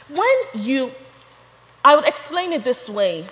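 A woman's voice: high voice, sing-song, slow pace, long pauses, in a large hall, rough recording. Fervent woman preaching. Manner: fervent, builds to shouted praise. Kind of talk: sermon.

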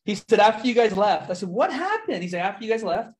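A young man giving a testimony in a church, telling his story with lively quoted dialogue. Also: high-pitched, fast talker. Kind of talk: testimony sermon.

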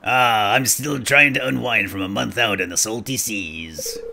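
A man's voice: lowish voice, measured pace, vocal fry, noisy background. A man voicing a weathered old male fisherman, talking in a folksy sailor's manner. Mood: folksy, hearty. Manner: salty sailor talk with a folksy drawl.

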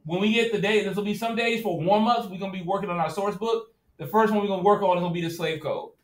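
A man's voice: high-pitched, fast talker. A male teacher giving a classroom lecture, talking casually and directly and often checking that students are following. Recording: echoey classroom, at times far from the mic.

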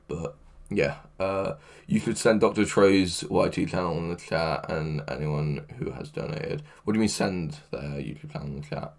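A man chatting casually on a livestream, excitable, laughing often and swearing a lot. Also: deep voice. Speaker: livestreamer reading chat.

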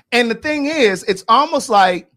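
A man's voice: extremely high pitch, expressive, unhurried, sharp tone. A man hosting a podcast, giving blunt, sassy, gossipy commentary in a casual chat. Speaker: podcast host.

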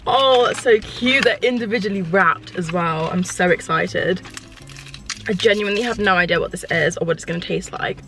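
A woman chatting excitedly to camera from inside a parked car, with lots of "like" fillers. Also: fairly low pitch, fairly quick, music in the background. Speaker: lifestyle vlogger. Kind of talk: casual vlog chat to camera.

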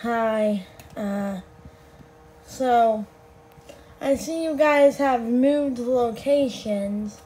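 Grumpy animatronic rabbit, played by a woman, hesitant, dark, mellow tone. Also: a little high, husky, voice pushed down, full character voice, poor audio. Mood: unsure. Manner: hesitant, halting, defensive.

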